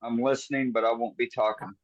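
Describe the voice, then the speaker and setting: A man's voice: mid-range voice, fairly even intonation, fast talker, highs cut off. A man chatting in an easygoing way on a video call. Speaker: meeting regular. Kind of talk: casual chat.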